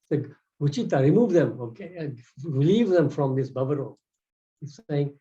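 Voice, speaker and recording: Earnest male lecturer, slightly high mellow voice. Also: animated, normal speed, dull audio. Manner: earnest, stop-start storytelling. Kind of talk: devotional scripture lecture.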